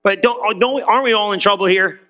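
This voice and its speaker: Man, pastor, middle-aged, sermon in church, high-pitched, bright, conversational, animated. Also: brisk. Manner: conversational and animated, acting out quoted voices. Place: church before a congregation.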